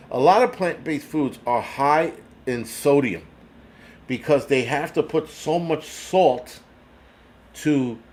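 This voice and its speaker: New york guy ranting and cussing over a list he reads out, sarcastic, kinda high voice. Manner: angry, profane and sarcastic. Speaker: prepper channel host.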